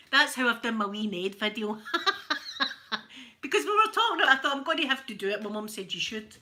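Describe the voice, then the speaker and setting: Woman, Glaswegian accent, casual chat, jokey, bright voice, slightly high. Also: sing-song, fairly quick, a little hiss or hum. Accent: Scottish, Glaswegian. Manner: chatty and jokey, laughs often. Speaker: ASMR creator. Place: at home, ironing.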